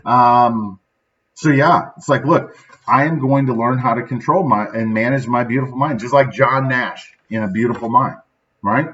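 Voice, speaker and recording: A man's voice: medium pitch, moderate pace, a bit bright. A man in his thirties from central Illinois, who hosts a daily motivational show in a rambling, upbeat way and often tags on "right?". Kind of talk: casual motivational talk. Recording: slightly dull, lo-fi sound.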